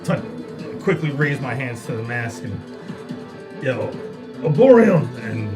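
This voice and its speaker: A man with a medium-pitched voice plays at a tabletop game table. He talks in a relaxed, casual way as he calls out his spells and rolls, with loud music playing behind him. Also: takes it slowly. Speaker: player.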